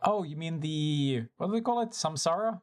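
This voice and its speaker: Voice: medium pitch, expressive. A young-adult streamer chatting with viewers over live gameplay, teasing them, laughing a lot and swearing casually. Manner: chatty, teasing and quick to react.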